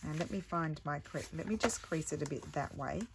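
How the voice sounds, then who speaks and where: A middle-aged woman with a low voice talks through a craft project at home. She thinks out loud in a casual, self-mocking way. The room has a faint hiss behind her. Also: a little fast, creaky. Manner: chatty, thinks aloud, self-deprecating. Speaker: craft vlogger. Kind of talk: casual crafting tutorial chat.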